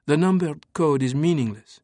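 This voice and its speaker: A man's voice: on the high side, normal speed, dry recording, studio quality, voice pushed up, close to an everyday voice. A man voicing an urgent young French woman cryptographer in an audiobook, speaking earnestly and pressing her point. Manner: earnest, pressing, explaining calmly. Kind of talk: audiobook narration.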